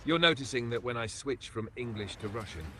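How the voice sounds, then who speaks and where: A synthetic male voice assistant giving calm, patient explanations in a smooth, even manner. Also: mid-range voice, fairly quick. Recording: game sounds loud behind the voice.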